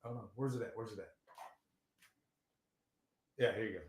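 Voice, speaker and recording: A man's voice: on the low side, moderate pace, a little hiss or hum. A man hosting a casual live stream, rambling with enthusiasm and talking to viewers in the chat. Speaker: livestream host.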